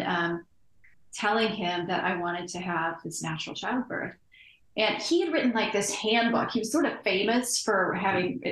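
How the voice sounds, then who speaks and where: A woman's voice: mid-range voice, fairly bright tone. A woman hosting an interview who tells her own story in a reflective, meandering way. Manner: storytelling, reflective, frequent fillers and asides. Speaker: podcast host and author. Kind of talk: conversational interview. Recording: echoey room.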